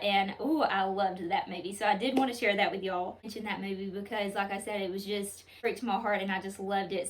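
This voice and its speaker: A woman's voice: on the high side, distant mic, rough recording. A woman vlogger, talking earnestly and with feeling to her viewers. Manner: earnest, emotional, says "y'all" often. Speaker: home decor vlogger. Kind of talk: casual heartfelt talk to camera.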